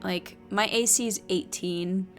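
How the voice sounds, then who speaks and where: A woman's voice: mid-range voice, steady tone, a little slow, faint music behind. A woman reading and playing through a solo tabletop adventure, chatting and thinking aloud between passages. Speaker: solo player and narrator.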